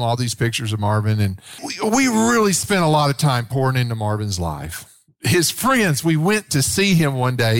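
A man, a pastor telling a story in a sermon in a folksy, animated way, acting out the voices of the people in it. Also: mid-range voice, no echo, studio quality.

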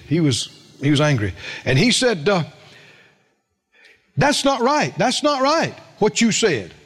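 A middle-aged man preaching a sermon, telling stories and asking the congregation questions. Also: fairly high pitch. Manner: animated storytelling preacher, asks the congregation questions. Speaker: pastor.

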